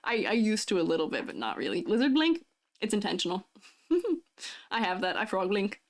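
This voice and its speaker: A woman's voice: mid-range voice, very animated, moderate pace. A woman streaming live, chatting casually and reading out chat messages, laughing often between lines. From United States. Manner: giggly, chatty, answers chat messages aloud.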